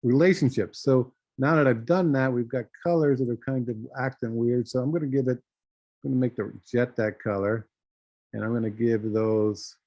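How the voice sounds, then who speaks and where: A man teaching a graphic design class, walking through software steps with a relaxed, thinking-aloud manner and many fillers. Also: medium pitch, normal speed, no room sound, muffled recording. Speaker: design instructor. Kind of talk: screen-share software tutorial.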